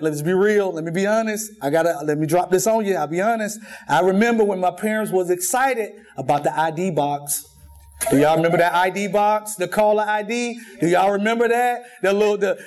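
A man preaching a sermon in a church, telling jokes and stories with lots of repetition. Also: sits high. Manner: lively storytelling with jokes and repetition. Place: church sanctuary.

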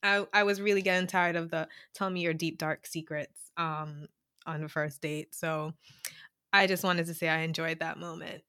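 A woman's voice: sits low, fairly even intonation, normal speed, pushed and bright, clean tone. A woman from Antigua co-hosting a podcast, chatting casually and giggling often. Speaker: podcast co-host. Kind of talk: casual chat.

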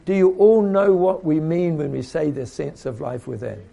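A man's voice: a little high, normal speed, vocal fry, mellow. A man preaching a sermon in a conversational way, repeating himself and acting out little quotes.

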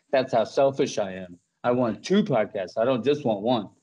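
A man's voice: mid-range voice, moderate pace, a little mellow, slightly rough, poor audio. A man hosting a podcast in casual chat, rambling, laughing often and full of fillers and restarts. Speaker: podcast host.

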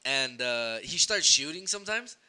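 Young man, bright voice, lively swearing storyteller who drops in Spanish. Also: fairly high pitch, normal speed, smooth. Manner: animated, swears freely, mixes in Spanish phrases. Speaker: podcast guest storyteller. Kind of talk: casual storytelling chat.

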